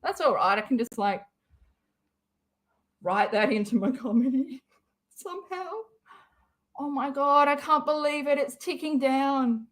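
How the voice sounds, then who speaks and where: A woman's voice: sits high, a little slow, long pauses, a bit bright. A young adult woman, chatting casually on a livestream, rambling, swearing often and laughing a lot. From Western Australia. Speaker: livestream host.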